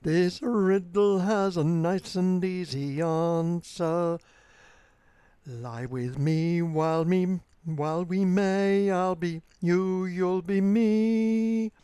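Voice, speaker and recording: A reader voicing Merlin, a tender male wizard, murmuring softly in a recited verse tale. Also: medium pitch, clean tone, dry recording. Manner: soft, murmuring, pleading.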